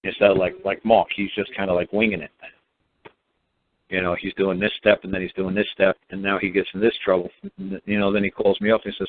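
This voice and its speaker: Low-voiced folksy man on a phone line. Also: level tone, fairly quick, a little hiss or hum. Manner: folksy, rambling, plain-spoken. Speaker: host. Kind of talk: casual advice monologue. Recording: tinny phone-line sound.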